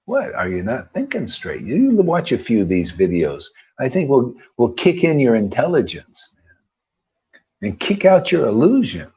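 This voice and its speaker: A man's voice: mid-range voice, wildly swooping pitch, unhurried, warm tone. A man preaching informally as a spiritual teacher, firing combative rhetorical questions and tossing in slangy "man" asides. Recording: dull lo-fi recording.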